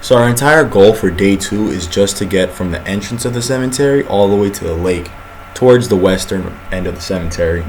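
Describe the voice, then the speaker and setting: A young man narrating a student project video in a casual, energetic storytelling way. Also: low-pitched, brisk, a little hiss or hum. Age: young adult. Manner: energetic storytelling, acts out the others' lines.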